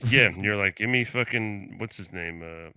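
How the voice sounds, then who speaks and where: A man's voice: fairly low pitch, moderate pace, pushed and bright, clean tone, no room sound, clean studio sound. A man co-hosting a podcast in casual, joking chat, saying dude a lot. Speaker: podcast co-host.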